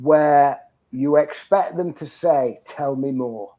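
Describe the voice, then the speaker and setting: A man's voice: a little high, slow pace, dark tone. An older man giving networking advice in an interview, talking emphatically and telling anecdotes. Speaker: guest, networking trainer. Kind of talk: conversational interview. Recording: dull lo-fi sound.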